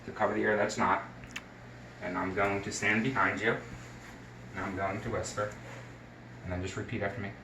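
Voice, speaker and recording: A man's voice: fairly low pitch, level tone, normal speed, long pauses, distant mic, noisy background. A young man, a nursing student, talking through a health exam step by step with frequent ums and uhs. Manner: hesitant, many fillers, explains each step. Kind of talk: recorded skills demonstration. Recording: echoey room, voice from off-mic.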